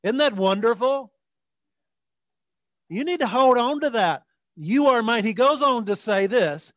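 A man preaching a sermon, reading scripture slowly and repeating key lines for the congregation to say with him. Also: very high-pitched, animated, dry recording. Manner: emphatic, slows down for scripture and repeats key phrases; leads the congregation in call-and-response.

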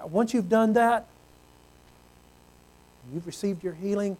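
A man preaching a sermon, earnest, swinging from loud exclamations to hushed low tones. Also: takes it slowly, rough recording.

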